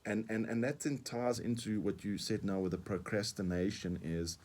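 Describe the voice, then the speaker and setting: A man's voice: fairly low pitch, fairly even intonation, normal speed, darkish tone. A middle-aged man with a South African accent, speaking earnestly as a coaching guest on a radio talk show, often repeating words as he explains. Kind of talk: radio interview.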